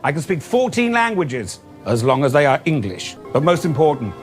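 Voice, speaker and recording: A man playing a pompous, boastful British gentleman who declaims grandly. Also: a little high, very animated, moderate pace, faint music behind.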